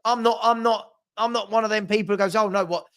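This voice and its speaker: Chatty high-voiced football streamer. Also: male voice, little pitch movement, quick pace, fairly bright tone, smooth. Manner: chatty, reads out viewer comments, scolds a puppy. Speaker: football watchalong host. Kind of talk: casual live-stream chat. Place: home room.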